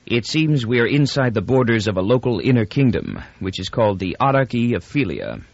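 A man's voice: mid-range voice, very animated, a little fast, gravelly, dry recording, muffled recording. A male narrator voicing an irritable young man who gives terse, guarded answers in an audiobook.

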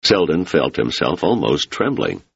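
Audiobook narrator: man, very deep and gravelly, husky edge, animated delivery. Dull, dry studio recording. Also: a little slow, no room sound. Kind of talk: scripted narration.

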